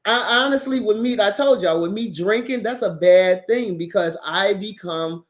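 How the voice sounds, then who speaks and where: A woman's voice: medium pitch, normal speed. A woman hosting a show, talking casually to her viewers and giving blunt, profane dating advice with lots of laughter. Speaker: host.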